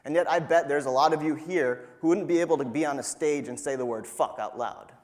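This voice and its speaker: A man's voice: on the high side, brisk, darkish tone. A young man from New York giving a live stage talk to an audience, punchy and emphatic with a playful, profane edge. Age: young adult. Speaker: student speaker.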